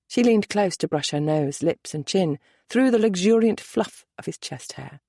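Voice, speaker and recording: A woman narrating a romance audiobook in a soft, measured, intimate way. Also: lowish voice, animated, no room sound, studio quality.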